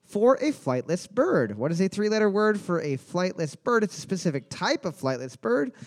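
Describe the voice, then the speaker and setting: Male trivia podcast host, high and animated, crude banter. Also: moderate pace. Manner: jokey, swearing, reads questions twice. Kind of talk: casual trivia podcast hosting.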